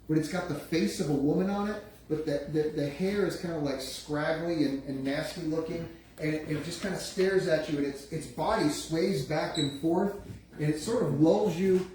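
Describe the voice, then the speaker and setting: A man's voice: a little high, darkish tone. Echoey, distant man running a game. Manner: descriptive, halting narration with many restarts. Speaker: game master. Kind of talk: narrating a live tabletop game. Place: room around a gaming table. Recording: echoey room, distant mic, faint noise.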